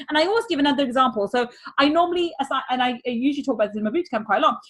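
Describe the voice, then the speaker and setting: A woman's voice: high-pitched, racing, few pauses. A woman money mindset coach teaching a workshop, repeating key phrases with energy.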